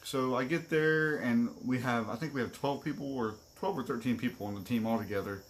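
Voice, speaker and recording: A man of middle pitch tells a story on a live stream in a relaxed, candid way, owning up to his own fears. Faint crickets chirp behind him. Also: brisk, slight background noise. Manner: candid, earnest, self-deprecating. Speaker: co-host.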